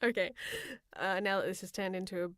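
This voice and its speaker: A woman's voice: mid-range voice, fairly even intonation, brisk, a bit bright, no echo, studio quality. A woman co-hosting a gaming podcast in a playful, giggly casual chat. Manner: giggly, playful, hums tunes. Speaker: podcast co-host.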